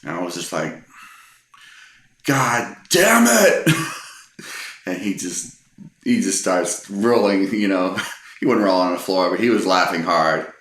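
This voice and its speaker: A man's voice: sits low, steady tone, moderate pace. A middle-aged man from Texas telling personal anecdotes in a casual, rambling way with frequent ums and restarts. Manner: rambling, hesitant, many ums. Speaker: storyteller. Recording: echoey room.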